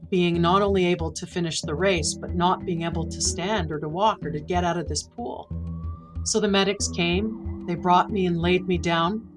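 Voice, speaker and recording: A woman's voice: lowish voice, poor audio. A middle-aged woman from Canada, a podcast guest vividly and emotionally retelling a personal story.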